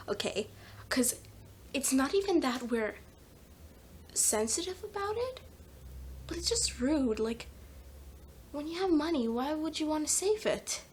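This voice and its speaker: Teenage girl, casual comedic vlog, slightly high voice, rambling, self-mocking, faint background noise. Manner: chatty, rambling, self-mocking asides, drops into whispers. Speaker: vlogger. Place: home, by a sunny patio door. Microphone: phone camera taped to a patio door.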